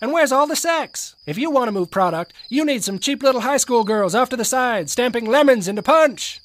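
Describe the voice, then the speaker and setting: A woman's voice: a little high, animated, brisk, slight background noise, close to an everyday voice. A woman voicing a crude, pushy, foul-mouthed salesman in a cartoon, insulting and barking orders. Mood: scornful. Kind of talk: cartoon voice acting.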